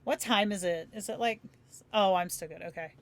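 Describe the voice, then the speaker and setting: A woman's voice: mid-range voice, normal speed. A woman from Phoenix hosting a livestream, chatting casually with viewers, laughing often and swearing freely. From Phoenix, Arizona, USA. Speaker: livestream host. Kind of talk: casual chat with live viewers.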